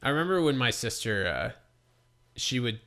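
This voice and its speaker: A young man co-hosting a casual podcast, telling stories with loud exaggerated quotes, recorded in a shared room. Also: medium pitch, normal speed. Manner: animated storyteller, jumps into loud exaggerated quotes. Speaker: podcast co-host. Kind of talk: casual chat. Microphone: poorly set up mic.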